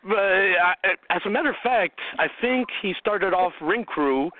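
A man's voice: high voice, lively intonation, measured pace. A man hosting a radio show, asking loose, chatty interview questions with plenty of fillers. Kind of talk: casual interview. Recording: dry, phone-like sound.

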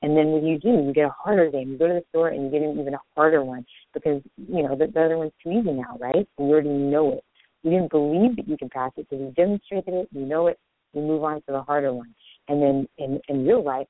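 A man hosts a spiritual call-in radio show, talking quickly and earnestly off the top of his head. His voice sits a little high and comes through a narrow, tinny phone-like line with a dry, close sound. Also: no echo. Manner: fast, improvised, earnest. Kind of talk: spiritual talk monologue.

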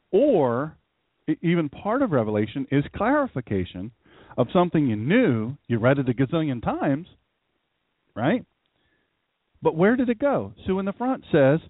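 A middle-aged pastor with a slightly high voice hosts a live radio show, preaching conversationally and repeating phrases for emphasis. The recording is dry and tinny like a phone line, with no room sound.

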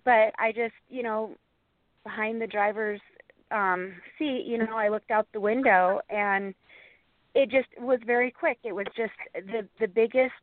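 A woman's voice: fairly high pitch, steady tone, no room sound. Earnest woman on a tinny phone line. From Montana, USA. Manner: earnest, halting storytelling with many restarts. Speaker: guest, Bigfoot researcher and author. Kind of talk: interview storytelling.

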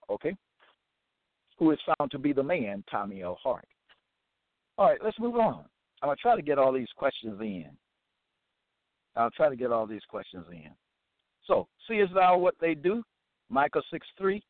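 A man reads scripture verses aloud and explains them, slow and emphatic, restating every question in plain words. His fairly high voice swings widely in pitch. The recording sounds thin and phone-like, with a dry, close sound. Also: no room sound. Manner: deliberate, emphatic, repeats and restates each question. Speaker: host of a religious teaching episode.

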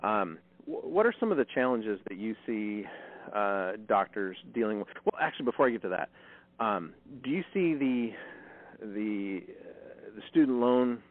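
A man's voice: fairly low pitch, expressive, moderate pace. A man hosting an interview podcast, chatty with dry sarcasm, talking over a phone call. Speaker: podcast host. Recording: tinny phone line.

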